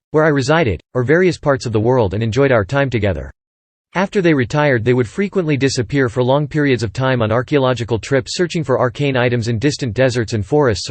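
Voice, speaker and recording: A man reading a horror short story aloud in a steady, first-person storytelling manner. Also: mid-range voice, dry recording. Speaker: narrator. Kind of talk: scripted horror story narration.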